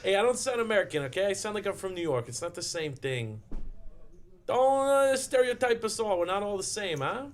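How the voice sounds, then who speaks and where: Man faking a brash bronx new yorker, loud, exaggerated, mock-indignant. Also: high-pitched, sing-song, brisk, pitched above the performer's own voice.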